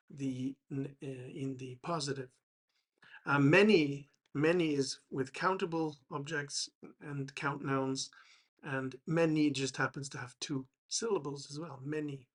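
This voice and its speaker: A man explaining English grammar to learners, slow and hesitant, with many fillers and restarts. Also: mid-range voice, fairly bright tone. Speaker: English teacher.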